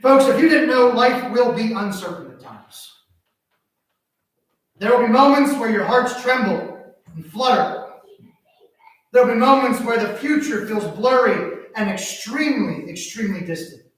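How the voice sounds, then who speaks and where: A man preaching a sermon, telling a family story in an animated way that swings from hushed asides to loud exclamations. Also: high-pitched, unhurried, long pauses. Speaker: pastor. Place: church sanctuary. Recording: echoey church hall from far off.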